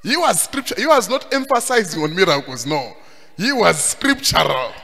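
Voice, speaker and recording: A man preaching a sermon, emphatic and sing-song, rising at times to shouts. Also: high voice, very animated, moderate pace, vocal fry. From Zimbabwe. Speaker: pastor. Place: church hall. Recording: long hall reverb.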